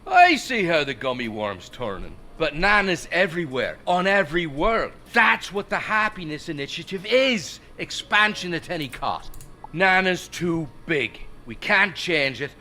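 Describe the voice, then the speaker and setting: Exasperated guard captain, high lively voice, bright, faint noise behind. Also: male voice, unhurried, full character voice. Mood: blustering. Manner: blustery, exasperated. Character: harried blustering male security chief.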